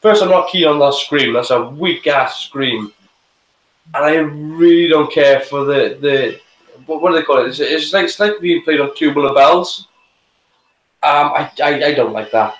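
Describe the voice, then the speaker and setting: A man's voice: fairly high pitch, moderate pace, echoey room, low-quality recording. A man hosting a casual live reaction, speaking in an opinionated, hesitant way with many restarts. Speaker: show host reviewing TV.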